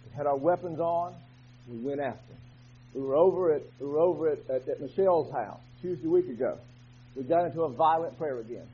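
A male pastor preaching a fervent sermon in a church, moving from quiet talk to shouting. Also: fairly high pitch, husky. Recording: dull lo-fi recording.

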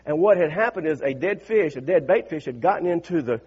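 A man's voice: on the high side, animated, a little fast, breathy edge, muffled recording. A middle-aged man preaching a sermon, calling the congregation to say lines back and telling a personal story with rising fervor. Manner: calls on congregation to repeat lines, builds to shouts. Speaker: pastor.

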